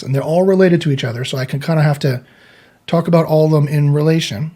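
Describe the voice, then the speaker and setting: A man explains meditation ideas in an unscripted, wandering way, restarting phrases and voicing imagined thoughts. His voice is warm and relaxed with a slightly husky grain. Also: fairly high pitch, quick pace. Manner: rambling, restarts, acts out inner self-talk. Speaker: meditation teacher.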